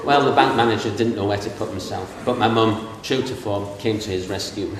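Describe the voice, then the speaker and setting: A brisk, fairly low male voice belongs to a middle-aged man from England giving the best man's speech at a castle wedding. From memory, he tells comic stories and mimics the people involved. The sound is distant and echoey, with noise from the large reception room.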